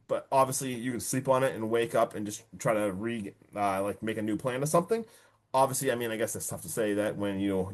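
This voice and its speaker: A man talking solo on a podcast at a middle pitch, retelling a film in a loose, animated way. He swears casually and keeps building suspense before every turn. The tone stays relaxed and chatty. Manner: animated storytelling, casual swearing, repeats "guess what". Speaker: podcast host reviewing a horror film.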